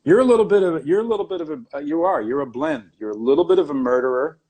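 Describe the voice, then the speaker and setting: A man hosting a casual conversation, animated and enthusiastic, swearing now and then. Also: a little high, fast. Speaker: host, artist.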